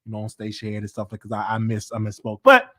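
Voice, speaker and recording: A man's voice: on the low side, monotone, fast talker, fairly bright tone. A man with a Southern US accent hosting his own show, chatting casually and playfully with laughing asides. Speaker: show host. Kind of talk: casual solo commentary.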